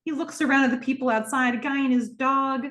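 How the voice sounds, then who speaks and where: A woman hosting a podcast, retelling a TV episode scene by scene in a lively, laughing way. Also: sits high, fairly quick. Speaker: podcast host. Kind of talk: casual episode recap. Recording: roomy echo.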